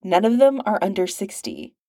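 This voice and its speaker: A woman's voice: mid-range voice, wildly swooping pitch, moderate pace, warm tone, dry recording, studio quality. A woman reading a chatty young hacker girl. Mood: offhand. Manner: casual, offhand.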